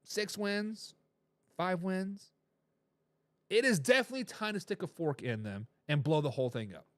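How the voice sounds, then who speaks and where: A man with a high voice hosts a sports talk show. He hammers his points by repeating phrases and reads viewer comments aloud with a laugh. The sound is dry and close, with no room echo. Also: lively intonation, normal speed. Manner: emphatic, repeats phrases for effect.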